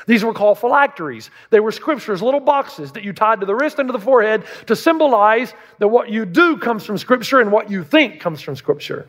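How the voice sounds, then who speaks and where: A man's voice: sits high, sing-song, fairly quick, hardly any pauses. A man preaching a sermon as a pastor, emphatic and full of rhetorical questions. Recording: long reverb of a large hall.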